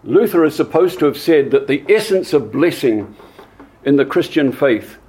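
A man preaching a sermon, slow and deliberate, often repeating words as he searches for the next one. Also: fairly high pitch, mellow.

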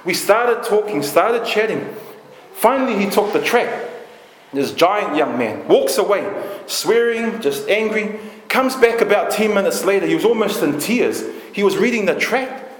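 Brief: New man, passionate sermon, high voice, reverberant church hall. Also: expressive, a little slow, slight background noise. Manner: passionate, emphatic preaching with list-like repetition. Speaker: preacher. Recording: echoey room.

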